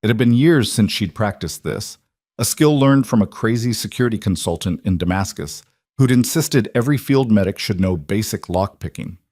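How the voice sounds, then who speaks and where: Guy narrating a drama story, low voice, slow and dramatic, dry close mic. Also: expressive, a little mellow, no room sound.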